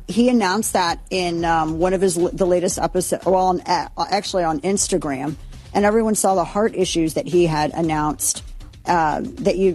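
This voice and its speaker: A woman's voice: fairly low pitch, mellow, husky. A woman hosting a radio talk show, chatting casually through news items with fillers and asides. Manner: chatty, rambling, lots of fillers. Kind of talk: casual news chat and read ad.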